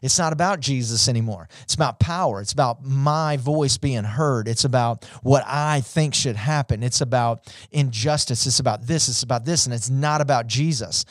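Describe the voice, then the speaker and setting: A man preaching a sermon, impassioned and speaking straight to online viewers, rising to high, urgent peaks. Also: moderate pace, few pauses, no room sound, clean studio sound. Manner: addresses online viewers directly. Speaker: pastor.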